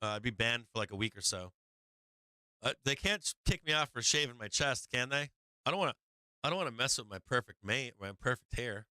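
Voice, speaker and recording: A man hosting a live stock market stream, chatting casually with profanity, frequent laughter and sudden animated bursts. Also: medium pitch, brisk, clear, resonant tone, no room sound. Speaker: stock market livestream host. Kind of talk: casual live trading commentary.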